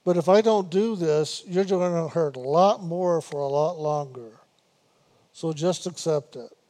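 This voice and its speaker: Slow, mellow-voiced man teaching meditation. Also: fairly high pitch. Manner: unhurried, repetitive, gently teasing with laughs. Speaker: spiritual teacher. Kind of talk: meditation talk.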